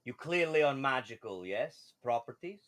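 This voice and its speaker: A man's voice: mid-range voice, animated, normal speed, a bit bright, lightly acted. A man voicing a male fish-man merchant who talks with a wobble in his voice and a pushy, broken sales patter. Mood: sly.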